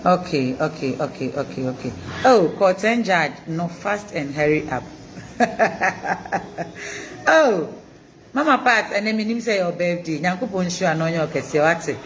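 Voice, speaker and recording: A Ghanaian woman hosting a live stream, mixing Twi and English, reading viewer comments in an animated, chanting way. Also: on the low side, normal speed, a little hiss or hum. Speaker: host of an online news channel.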